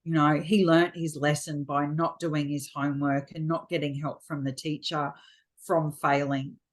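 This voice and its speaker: A woman's voice: low voice, level tone, measured pace. A middle-aged Australian woman, a frank, chatty guest telling stories in a casual interview. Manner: frank, chatty storyteller acting out quotes.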